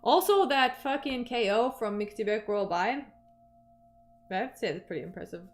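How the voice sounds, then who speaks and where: A woman's voice: fairly high pitch, animated, normal speed. A young woman from Canada chats loosely with her livestream viewers. She rambles, trails off mid-thought and starts her sentences over. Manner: chatty, trailing off and restarting. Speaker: livestream host. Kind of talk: casual livestream chat.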